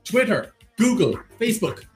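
An Irish man hosting a casual online quiz, bantering and reading questions out slowly. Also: sits high, big pitch swings, faint music behind. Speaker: quiz host.

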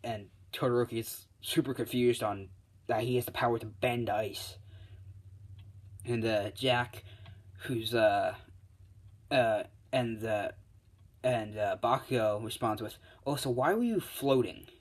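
A man's voice: on the low side, fairly even intonation, slow pace, pauses often. A man casually retelling a fan story, rambling with lots of uh's and restarts. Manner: rambling, full of fillers and restarts.

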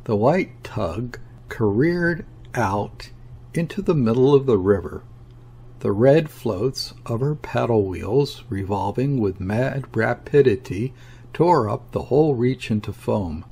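A man narrating a classic novel as an audiobook, reading in a measured, deliberate way. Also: medium pitch, expressive, warm tone, husky. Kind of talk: scripted narration.

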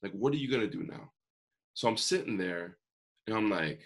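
This forties-aged man's voice is low-pitched, gravelly and husky, expressive and quick. He is a motivational speaker sharing personal stories as an interview guest, earnest and vivid, acting out what people said.

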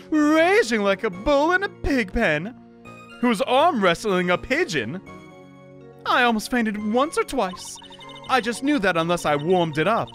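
A man's voice: extremely high pitch, a bit bright, voice pushed up, exaggerated voice. A man voicing a chirpy elderly female nun who fusses sweetly about her aching back. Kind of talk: reading game dialogue aloud.

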